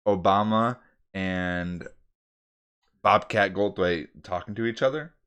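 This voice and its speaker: A man with a very low voice talks casually on a podcast. He laughs as he speaks, relaxed and unhurried. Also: clean tone. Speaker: podcast co-host. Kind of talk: casual chat.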